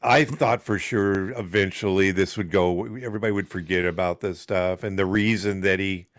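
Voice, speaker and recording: A man co-hosting a podcast in casual chat, hesitant with fillers and quick to laugh. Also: deep voice, fairly even intonation, no echo, studio quality. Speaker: podcast co-host.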